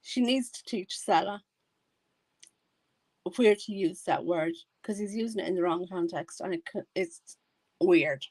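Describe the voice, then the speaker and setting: A woman's voice: lowish voice, unhurried, pauses often, a little mellow, no room sound. A woman hosting a live stream. She comments casually, rambles and corrects herself as she goes. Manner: rambling, self-correcting, chatty. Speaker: live-stream reaction host.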